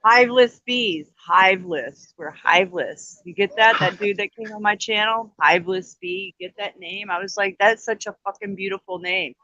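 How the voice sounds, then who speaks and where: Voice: medium pitch, normal speed, few pauses, bright, forceful tone, no room sound. A channel host in casual chat, laid-back and profane, chiming in agreeably. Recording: dull, dry lo-fi sound.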